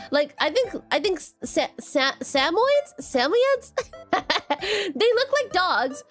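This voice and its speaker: A woman streamer in casual live chat, rambling about animals while reading chat aloud and greeting viewers. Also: sits high. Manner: rambling, reads chat aloud, repeats "question mark"; animated, quick laughs and bursts of excitement.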